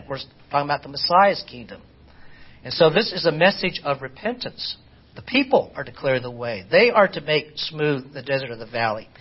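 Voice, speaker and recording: A fairly high-pitched, slightly rough male voice guides an informal Bible study lesson, stumbling and repeating himself as he throws rhetorical questions at the class. The recording sounds dull and lo-fi.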